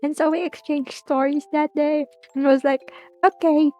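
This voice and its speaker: A woman's voice: high voice, little pitch movement, normal speed, warm tone, soft background music. A woman rambles casually through a spooky story, full of restarts, trailing asides and small giggles. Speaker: streamer.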